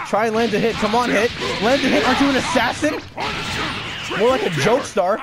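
A young man narrates his online matches with cocky, taunting trash talk, jeering at his opponent and bragging about his own play. His voice sits fairly high for a man. Clear game music runs behind him. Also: fairly quick. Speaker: gaming channel host. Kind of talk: live gameplay commentary.

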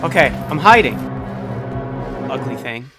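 A young man hosting a let's play of a horror game, excitable, yelping and shouting at scares and talking to himself as he plays. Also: mid-range voice, measured pace. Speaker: gaming channel host. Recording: game music under the voice. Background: background music.

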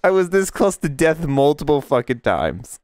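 A man commentating a gameplay video, panicking and swearing, his voice jumping into high squeals. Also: very animated, moderate pace, darkish tone, dry recording, faint music behind. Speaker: gaming video creator. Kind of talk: let's play commentary.

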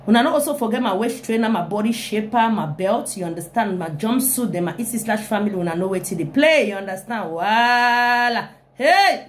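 A young woman, hyping her comic live video in an animated way with frequent exclamations. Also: on the high side. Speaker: live-stream comedian.

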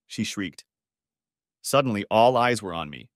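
A man narrates a first-person audiobook story in a fairly low voice. His reading is dramatic and swings widely in pitch as he tells it. The recording is dry, with no room sound. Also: animated, unhurried, dry recording.

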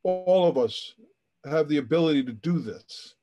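Middle-aged New man, guest telling an emotional story, acts out the voices in it, sits a bit high in pitch. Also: animated, moderate pace. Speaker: charity founder, guest. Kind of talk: animated storytelling.

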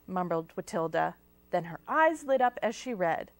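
A woman's voice: on the low side, big pitch swings, moderate pace, dry recording. A woman telling a children's story at library storytime, reading expressively. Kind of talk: children's storytime read-aloud.

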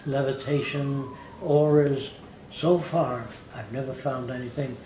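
An older man's steady, mid-range voice, mellow and a little slow, carries blunt, conversational stories about his life. Now and then he imitates how others talk, accents included; the space sounds roomy with a faint hiss behind.

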